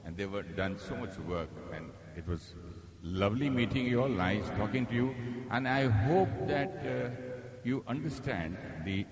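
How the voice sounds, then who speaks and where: A man's voice: lowish voice, poor audio. A middle-aged man with an Indian English accent tells a personal story to a live audience, acting out his own anger and slipping into Hindi phrases. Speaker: guest speaker. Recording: loud audience noise.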